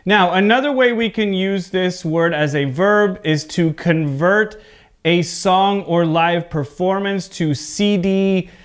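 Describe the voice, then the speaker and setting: A man teaching an English pronunciation lesson on video, speaking deliberately, enunciating each word and repeating words for his students. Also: high voice, clear, resonant tone. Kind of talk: slow, clear pronunciation lesson. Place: home recording for video.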